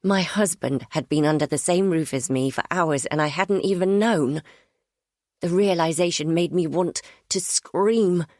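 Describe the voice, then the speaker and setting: Woman narrator, low voice, dry close recording, measured first-person thriller reading. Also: a little mellow, no room sound. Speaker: audiobook narrator.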